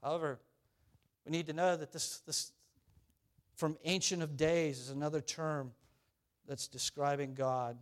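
A man preaching a sermon, animated and storytelling, rising and falling in volume. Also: on the high side, unhurried, pauses often. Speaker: pastor.

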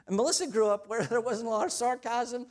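A man's voice: very high-pitched, fast talker, darkish tone. A middle-aged man preaching a sermon as pastor, conversational and self-deprecating, often laughing at his own stories.

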